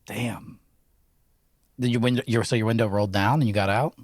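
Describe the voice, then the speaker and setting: A man's voice: fairly low pitch, fairly even intonation, dry recording, clean studio sound. A man co-hosting a podcast, riffing with crude jokes in casual chat. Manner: crude joking, quick riffing asides. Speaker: podcast co-host.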